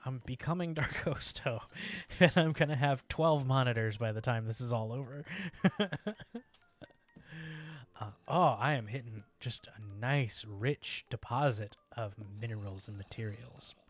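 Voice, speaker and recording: A man's voice: mid-range voice, a little slow. A man casually chatting while streaming a game, rambling and breaking into yelps and exclamations as things happen in play. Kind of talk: casual gameplay chat.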